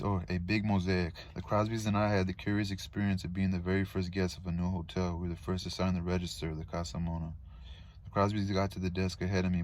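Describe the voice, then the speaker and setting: Low, flat-voiced man reading a novel. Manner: unpolished reading with stumbles and asides. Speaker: reader of a novel aloud. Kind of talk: casual read-aloud of a novel.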